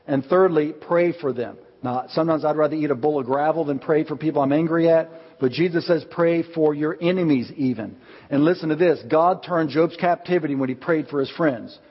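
Husky-voiced pastor preaching in a reverberant hall. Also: male voice, a little high. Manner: earnest, slows down to stress key points. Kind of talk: sermon. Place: church sanctuary. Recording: long hall reverb, dull lo-fi sound.

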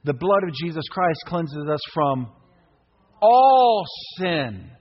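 A man around fifty preaching a sermon as pastor, impassioned, breaking into shouts. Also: a little high, normal speed, husky. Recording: echoey hall, dull lo-fi sound.

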